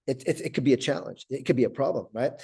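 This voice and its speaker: A man's voice: medium pitch, quick pace, gravelly, a little mellow, breathy edge. A middle-aged man giving a motivational coaching talk, earnest, often repeating words and checking in with "right?". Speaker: life coach.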